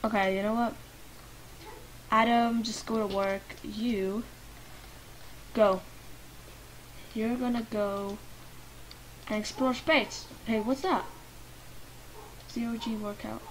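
A woman from Lithuania with a Lithuanian accent, giving chatty gameplay commentary and talking to the game characters, at times muttering and at times loudly protesting. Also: a little high, fairly even intonation, slow, pauses often, a little hiss or hum. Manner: chatty, talks to the game characters, swings from mumbling to loud protests. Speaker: gaming YouTuber. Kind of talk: life-sim gameplay commentary. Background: faint game music.

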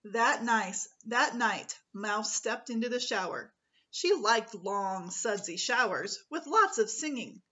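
Preschool teacher reading a kids story out loud, highish bouncy voice, kinda muffled recording. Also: female voice. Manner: slow, expressive read-aloud. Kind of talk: reading a picture book aloud.

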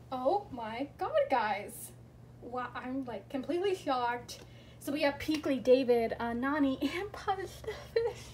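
With a high voice and a bit of hiss or hum in the background, a woman chats through a toy unboxing. She gushes and squeals with excitement, then drops to soft whispers between reveals.

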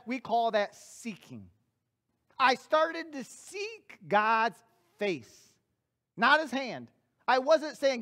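Male guest evangelist, very high voice, earnest and emphatic sermon delivery with self-deprecating asides. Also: fairly bright tone. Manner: earnest, emphatic, repeats phrases for effect. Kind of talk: sermon with personal stories.

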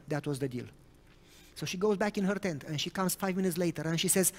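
A man's voice: sits high, a little fast, darkish tone. A man preaching a sermon, telling a story and often rising into sudden emphatic bursts. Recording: reverberant hall.

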